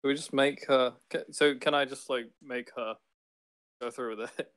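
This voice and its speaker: A man's voice: mid-range voice, fairly even intonation, normal speed, fairly bright tone. A man playing in a tabletop game, chatting casually and hesitantly with many fillers. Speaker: player.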